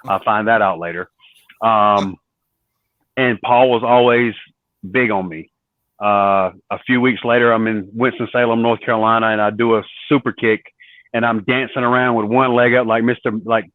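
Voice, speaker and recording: A former wrestler with a lowish voice tells stories in an interview, acting out the dialogue he quotes. The recording is dry with no echo and has a narrow, phone-like sound.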